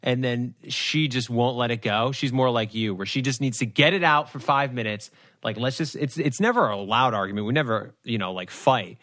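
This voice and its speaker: A man's voice: medium pitch, normal speed, a bit bright. A man co-hosting a podcast over a video call, telling stories with animation and acting out his own lines. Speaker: podcast co-host.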